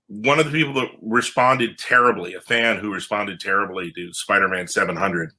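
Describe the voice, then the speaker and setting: A man, a comic book writer, telling stories in an animated podcast conversation and acting out the voices of the people in them. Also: normal speed. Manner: animated, acts out quoted voices with big pitch jumps. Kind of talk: animated storytelling in a podcast interview.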